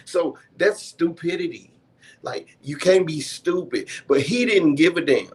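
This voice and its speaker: Unhurried yet animated, a man speaks in a husky, slightly high voice during a heated, casual talk show panel. Passion drives him to swear a lot, and he apologizes afterward for getting carried away.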